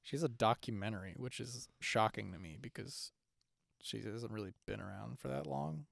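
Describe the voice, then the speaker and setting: A man's voice: on the low side, moderate pace, vocal fry, a bit bright, no echo, studio quality. A young man co-hosting a podcast in casual chat, rambling with lots of fillers and restarts. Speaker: podcast co-host.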